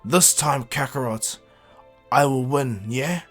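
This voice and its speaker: A man's voice: mid-range voice, slow, fairly bright tone, faint music behind. A man voicing a cocky, smug rival fighter.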